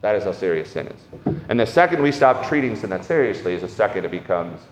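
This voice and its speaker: A man preaching an informal sermon on catechism, conversational and animated, often asking "right?" between points. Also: fairly low pitch, fast, background noise. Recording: echoey hall, faint ambience.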